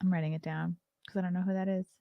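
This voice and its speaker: A woman's voice: lowish voice, flat delivery, very fast, gravelly, dry recording, highs cut off. A woman in her thirties hosting a casual solo livestream, chatting, reading articles aloud and reacting to them, yawning often. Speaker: host.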